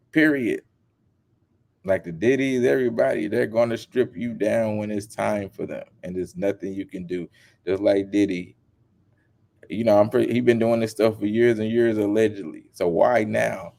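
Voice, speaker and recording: A man giving casual commentary as a vlogger, animated and emphatic, with lots of slang. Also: fairly low pitch, vocal fry.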